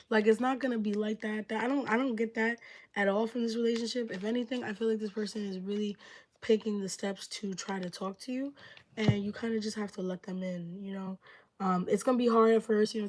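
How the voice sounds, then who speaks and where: A woman's voice: medium pitch, a little hiss or hum. A woman giving a casual live tarot reading, talking loosely with lots of fillers. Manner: chatty, many fillers, acts out quotes. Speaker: tarot reader.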